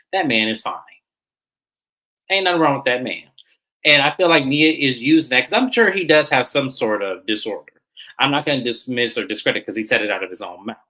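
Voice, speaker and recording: Bright-voiced man hosting a recap. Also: mid-range voice, low-quality recording. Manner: animated, slangy, mimics cast members. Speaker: show recap host. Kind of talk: casual recap chat.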